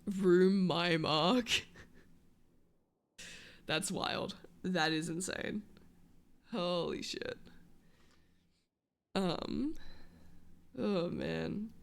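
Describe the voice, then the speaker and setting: A woman's voice: fairly low pitch, gravelly. A woman chatting casually with her stream viewers, rambling, swearing and losing her train of thought.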